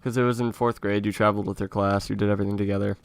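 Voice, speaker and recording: Racing along in a lowish, creaky voice, a young man on YouTube recounts an amusing episode from when he was a kid. He keeps laughing through the lively anecdote and throws in some casual swearing.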